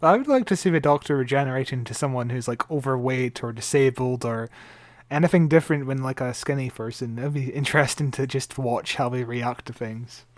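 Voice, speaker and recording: A man's voice: medium pitch, a little fast, no echo. A Scottish man co-hosting a podcast, chatting casually about a TV episode with joking, chuckling asides. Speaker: podcast co-host. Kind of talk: casual chat reviewing a TV episode.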